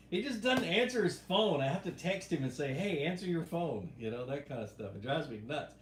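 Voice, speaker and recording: A middle-aged man, hosting a casual live fishing stream, reading viewer questions and answering in a relaxed, rambling way. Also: fairly high pitch, normal speed. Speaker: fishing show host answering live chat. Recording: echoey room with faint background hum.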